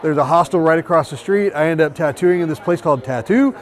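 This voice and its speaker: A man, a tattoo artist, telling travel stories in casual chat, animated and profane. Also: a little high, quick pace. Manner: profane, animated storytelling with quoted voices. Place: busy tattoo convention.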